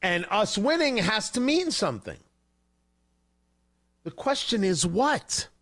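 Heated, high-voiced ranting male host. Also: big pitch swings, slow pace, fairly bright tone. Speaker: political commentary host. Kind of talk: livestream political commentary.

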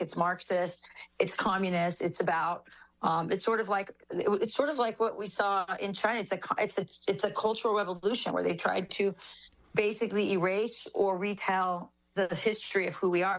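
A woman's voice: medium pitch, low-quality recording. A woman from the United States, speaking as an author guest in an interview, earnest and opinionated. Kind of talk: interview conversation.

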